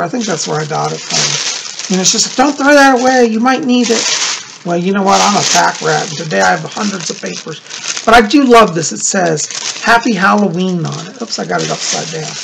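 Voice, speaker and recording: A man's voice: high voice, vocal fry, a bit bright, slight background noise. A middle-aged man in a casual show-and-tell vlog, gushing and chatty as he shows off gifts. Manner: gushing, chatty, fond exclamations. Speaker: psychic vlogger.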